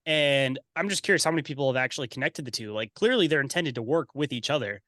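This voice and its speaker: A man's voice: medium pitch, animated, quick pace, fairly bright tone, no room sound, clean studio sound. A man who is a podcast guest, ranting in casual chat in a blunt, profane, conspiratorial way.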